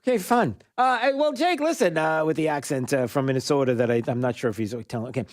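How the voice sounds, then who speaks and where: A man's voice: a little high, fast talker, dry recording, clean studio sound. A man hosting a call-in radio show, bantering loosely with lots of fillers. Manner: jokey, loose, filler-heavy. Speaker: radio talk show host.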